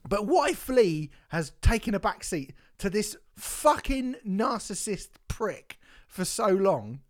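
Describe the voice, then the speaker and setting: A man's voice: high-pitched, big pitch swings, slow pace. A man co-hosting a music review show, swearing freely and ranting in a casual chat. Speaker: album review co-host.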